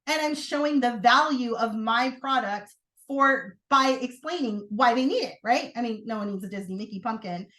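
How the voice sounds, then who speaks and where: High-voiced woman doing team training, chatty and bursting with excitement, echoey room. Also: moderate pace. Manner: energetic, chatty, swings into excited outbursts. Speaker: sales team leader. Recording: roomy echo.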